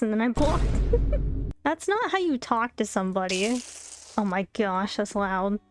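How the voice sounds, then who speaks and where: A young adult woman streamer telling a story in casual chat, animated and chatty, laughing often and bursting into exasperated disbelief. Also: on the high side, a little slow, clear, resonant tone, dry recording. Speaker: VTuber streamer. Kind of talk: casual storytime chat while playing a game.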